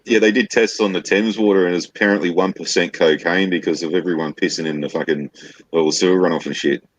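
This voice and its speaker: A man's voice: deep voice, steady tone, fast talker, husky, no echo, lo-fi sound. A man in casual chat who talks crudely and swears heavily.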